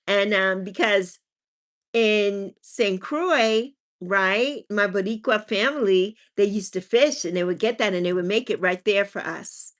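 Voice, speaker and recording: A woman's voice: medium pitch, a little slow. A woman hosting a livestream in casual chat, who reads viewer comments aloud and laughs often. She is a mother. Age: adult with a child. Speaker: livestream host.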